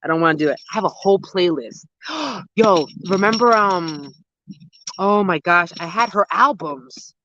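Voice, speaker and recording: A gardening host in their thirties, chatting casually with live viewers outdoors at dusk. They ramble excitedly and use a lot of slang. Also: mid-range voice, moderate pace, lo-fi sound, a little hiss or hum. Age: 30s. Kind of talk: casual live-stream chat answering viewers.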